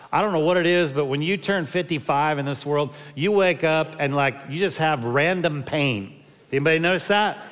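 A pastor in his fifties delivers a sermon full of funny personal anecdotes. His voice sits a little higher than most men's. The sound carries the long reverb of a big church hall. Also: a bit bright. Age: 50s. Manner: humorous storytelling with personal anecdotes.

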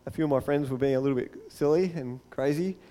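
A man preaching a sermon as a pastor, telling the story in a lively way and acting out the scenes. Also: medium pitch, fast talker, long reverb tail. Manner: animated storytelling, acts out the scene.

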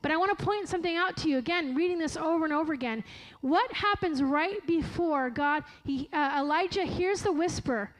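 A woman preacher giving a sermon in an earnest, slow and emphatic way, often correcting herself mid-phrase. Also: extremely high pitch, rough recording.

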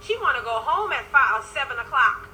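A woman life coach chatting to viewers on a phone livestream, telling a story with lively energy and dropping in praise to God. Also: high voice, fairly quick, slight background noise, poor audio. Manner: animated storytelling with religious interjections. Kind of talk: casual livestream talk to viewers.

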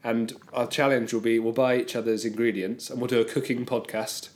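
A man's voice: medium pitch, flat delivery, a little fast, a little mellow. A man co-hosting a podcast in casual chat, jokey and teasing. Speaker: podcast co-host.

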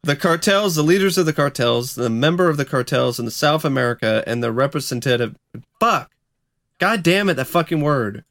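A man's voice: fairly high pitch, lively intonation, normal speed, fairly bright tone, no room sound. Male podcast co-host, dry close mic, easygoing, hedges and swears at his slip-ups. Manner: laid-back, hedging, curses when tripping on a word. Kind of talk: casual chat.

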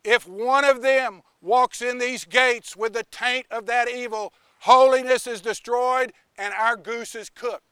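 A man voicing Justice as a stern, powerful male guardian who speaks slowly and insists on the rules. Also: extremely high pitch, steady tone, bright, forceful tone, clear, resonant tone, dry recording, exaggerated voice. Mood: firm. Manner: stern, slow, rule-bound.

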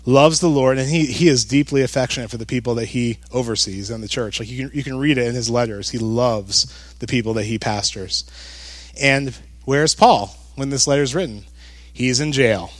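A man preaching a sermon as a pastor, talking conversationally with jokes and animated emphasis. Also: medium pitch, no room sound.

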